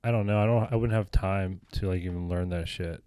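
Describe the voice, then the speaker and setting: A young man tells stories in relaxed podcast chat and keeps checking in with his listener. His voice sits fairly low, and the sound is close and dry. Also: fairly quick, clean tone, dry recording. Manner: laid-back, frequent "you know what I mean". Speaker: comedy podcast co-host. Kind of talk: casual chat.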